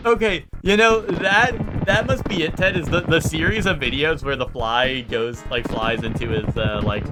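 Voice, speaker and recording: A man streaming a video game, chatting casually and rambling with chat, swearing and often jumping up in pitch when excited. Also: moderate pace, over loud music.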